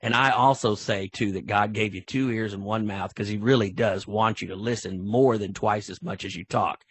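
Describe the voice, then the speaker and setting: With a lowish, husky voice at normal speed, the veteran football referee recounts stories during a relaxed podcast interview. The middle-aged man is animated, acting out the sideline exchanges as he goes.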